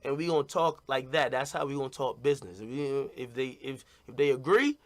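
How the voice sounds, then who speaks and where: A man's voice: mid-range voice, animated, fairly quick. A man talking casually and bluntly to his stream audience, rambling and repeating "you know what I mean".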